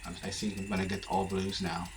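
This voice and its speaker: Low-voiced man, music behind. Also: brisk, background noise. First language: French. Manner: relaxed, rates items as they unbox. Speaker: game channel host. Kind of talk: casual gameplay commentary. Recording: game music clearly audible underneath.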